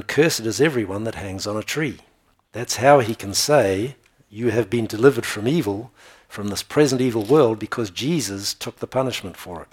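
A man's voice: on the low side, breathy edge. A man preaching a sermon, reading Bible verses aloud and explaining them in plain, conversational asides. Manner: reads verses louder and slower, then explains in plain asides.

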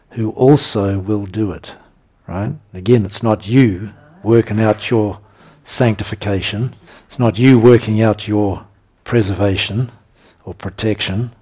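With a fairly low, slightly rough voice, a man delivers an emphatic sermon that teaches from scripture verses. Animated bursts and chuckles break through as he goes.

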